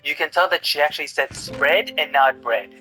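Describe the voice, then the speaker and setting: A man's voice: on the high side, moderate pace, bright, forceful tone, faint music behind, poor audio. A man hosting a reaction video, giving sarcastic, mocking commentary on clips.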